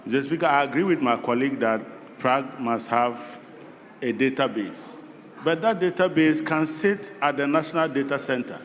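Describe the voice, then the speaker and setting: A man with a Ghanaian accent, a member of parliament speaking in a measured, deliberate way in a large chamber. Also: medium pitch, slight background noise. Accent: Ghanaian English. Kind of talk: parliamentary debate speech. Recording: reverberant chamber with faint ambience.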